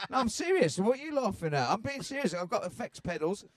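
A man's voice: sits high, sing-song, fairly quick. Rambling English man. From England. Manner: rambling, swearing, joking. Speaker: podcast guest. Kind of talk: casual chat.

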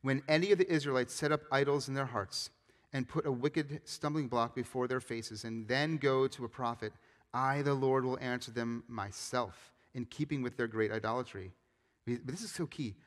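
A man preaching a sermon as a pastor, moving between loud emphatic scripture reading and quiet earnest appeals. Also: mid-range voice. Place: church sanctuary. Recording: long reverb of a church hall.

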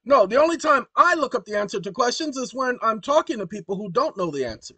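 A man hosting his own channel, talking to viewers in an animated, exclaiming, colloquial way. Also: extremely high pitch, fast, breathy edge, dry recording. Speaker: channel host. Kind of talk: casual commentary to viewers.

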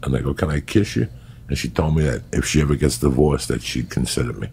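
Gravelly, very deep-voiced man telling raunchy stories. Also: quick pace. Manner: profane, rambling, animated storyteller. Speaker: storyteller guest. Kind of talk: raunchy comic storytelling.

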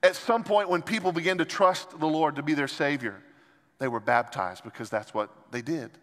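A man preaching a sermon as pastor, impassioned, moving between soft and loud passages. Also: fairly high pitch, moderate pace. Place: large church sanctuary. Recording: long hall reverb from church sanctuary.

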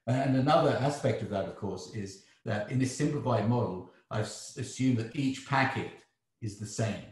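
An English man fields a seminar question, thinking aloud with frequent restarts. His voice sits on the low side and rings through a strongly echoing room. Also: darkish tone. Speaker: seminar speaker. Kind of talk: academic Q&A answer. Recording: echoey room.

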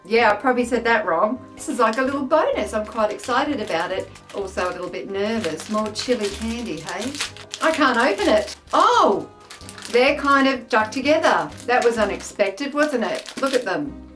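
Chatty Australian woman, higher voice. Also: lively intonation, normal speed, a bit bright, soft background music. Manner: chatty, self-mocking, exclamatory. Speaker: food taste-test vlogger. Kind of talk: casual vlog taste test.

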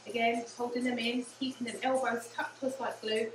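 Her delivery is flat and brisk as this English-accented fitness instructor leads low impact cardio, still encouraging the class and repeating "again" and "yeah," occasionally out of breath. Background noise and music fill the echoey room, captured from a distant mic.

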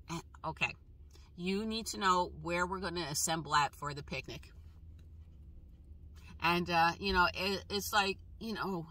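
A woman vlogger telling personal stories in a casual, halting way, with frequent pauses, restarts and fillers. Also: lowish voice, bright, forceful tone, no room sound. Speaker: travel vlogger.

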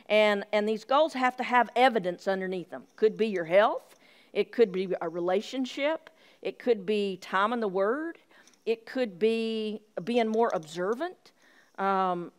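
A middle-aged woman giving an informal, chatty Bible teaching, self-deprecating and acting out little dialogues. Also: medium pitch.

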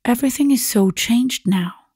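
A woman's voice: on the high side, normal speed, a little mellow, slightly rough, dry recording, studio quality, pitched above the performer's own voice. A woman reading the part of a grand, bossy elder spinster sister who speaks in a lofty, firm way.

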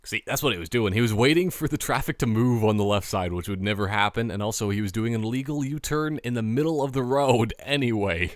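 A man's voice: mid-range voice, fast talker, few pauses, dry recording, studio quality. A man giving casual let's-play commentary, rambling and joking through tangents. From Canada. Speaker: gameplay commentator.

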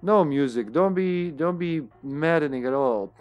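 A man streaming a horror game, talking casually to himself as he plays, often trailing off into quiet mutters. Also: on the high side, animated, measured pace, lo-fi sound, faint music behind. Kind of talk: casual gameplay commentary.

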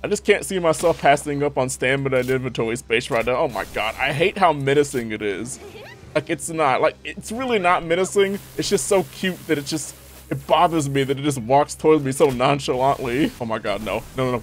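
A young man giving lively gameplay commentary, talking to the game characters with frequent exclamations. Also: mid-range voice, a little fast. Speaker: gaming YouTuber.

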